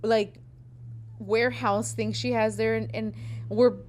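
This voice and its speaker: A woman's voice: fairly high pitch, level tone, a little slow, darkish tone, a little hiss or hum. A young woman hosting a podcast from a sewing studio, telling a story in a casual, profane way and acting out what people said. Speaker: podcast host, seamstress.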